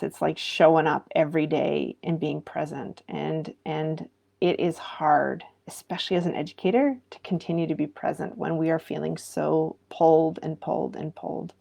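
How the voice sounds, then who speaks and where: Her voice a bit low, dark-toned, and edged with gravelly fry, a mindfulness teacher in her thirties or forties addresses educators live. Her delivery is flat and moderately paced, earnest and reflective, with rhetorical questions turned back on her audience.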